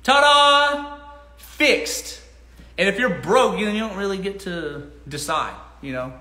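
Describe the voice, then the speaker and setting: Guy doing a phone livestream at home, blunt and mocking, bright voice in an echoey room. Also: sits high, expressive, moderate pace. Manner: blunt, mocking, laughs often. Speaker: livestream host answering questions. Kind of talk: casual livestream Q&A. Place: indoors at home.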